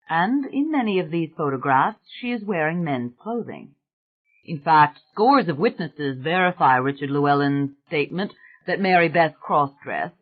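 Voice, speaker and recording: A man narrates an audiobook in a measured, formal way. His voice sits a little high, and the recording sounds narrow and tinny, as if heard over a phone line. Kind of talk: scripted narration.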